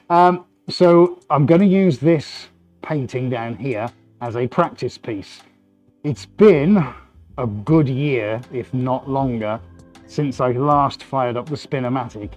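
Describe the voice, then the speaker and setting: A man's voice: mid-range voice, a little mellow. A man hosting his weekly art live stream from his studio, with chatty, upbeat showman patter. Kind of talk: casual live-stream chat.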